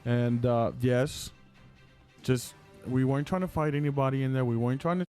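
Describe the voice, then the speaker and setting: A man's voice: mid-range voice, moderate pace, faint music behind. A young man co-hosting a casual podcast, retelling a story animatedly with lots of "like". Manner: animated retelling, heavy use of "like". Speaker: podcast co-host. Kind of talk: casual chat.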